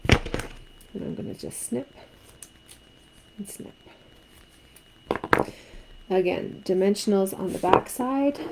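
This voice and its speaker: A woman's voice: medium pitch, takes it slowly, gravelly, long pauses, heavy background noise. A woman from Canada teaching a card-making craft tutorial, chatting and asking viewers what they think. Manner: chatty, asks viewers questions.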